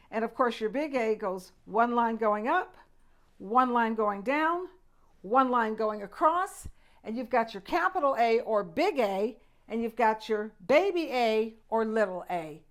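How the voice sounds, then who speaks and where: An older woman hosts a children's alphabet lesson with a bubbly, exaggerated, sing-song delivery. Her voice is high for a woman. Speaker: host, children's teacher.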